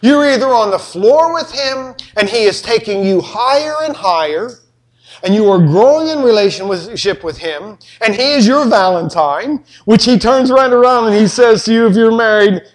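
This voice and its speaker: A middle-aged preacher with a fairly high voice, telling homey stories and jokes to his congregation. He swings between soft asides and animated, emphatic preaching. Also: normal speed. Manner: folksy, joking, animated storytelling. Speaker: pastor. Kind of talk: sermon.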